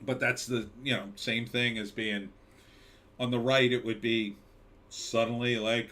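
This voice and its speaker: A man's voice: fairly low pitch, fairly even intonation, moderate pace, a bit bright. A man hosting a live stream, chatting casually and reading viewer comments, with a mid-Atlantic American accent. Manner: rambling, conversational, with mock announcer bits.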